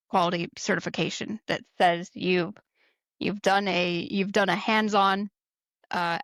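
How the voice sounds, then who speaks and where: A woman's voice: medium pitch, no room sound. A middle-aged woman co-hosting a podcast, telling a story casually and with animation. The recording is dry and close. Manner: animated, acts out quotes in a raised voice. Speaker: podcast co-host.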